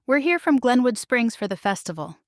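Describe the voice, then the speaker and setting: A woman voicing a gentle, motherly woman who takes charge, in an audiobook. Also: a little high, big pitch swings, brisk, no room sound, clean studio sound, voice pushed up. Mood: caring. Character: calm motherly woman baker friend.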